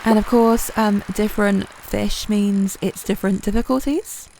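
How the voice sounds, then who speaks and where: A woman's voice: medium pitch, fairly even intonation, measured pace, vocal fry, a little hiss or hum. A woman giving chatty, self-deprecating commentary over her gameplay, with plenty of ums. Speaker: gaming channel host. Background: soft game music.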